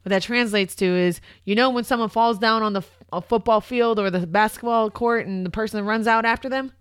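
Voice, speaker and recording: A woman's voice: fairly high pitch, steady tone, a little fast, clean tone, dry recording, studio quality. A woman co-hosting a casual podcast, blunt and slangy, swearing freely and explaining things like a trainer. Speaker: podcast co-host.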